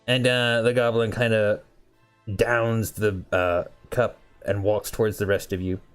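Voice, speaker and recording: A man narrating a tabletop game as game master, unhurried and full of fillers. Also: fairly low pitch, level tone, clear, resonant tone, faint music behind.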